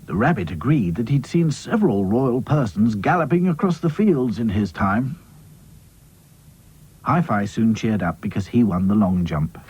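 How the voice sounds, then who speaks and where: A man narrating a children's cartoon story with gentle, expressive storytelling. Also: fairly low pitch, moderate pace, lo-fi sound, a little hiss or hum.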